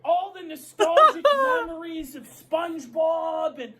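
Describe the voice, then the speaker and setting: A woman ranting in a commentary video, shouting in profane mock outrage. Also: extremely high pitch, measured pace.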